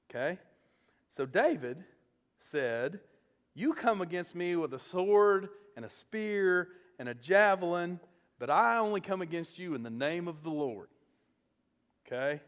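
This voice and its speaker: A man preaching a sermon as a pastor, retelling a story with lively storytelling and acting out the characters. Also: on the high side, a little slow, long reverb tail. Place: church sanctuary.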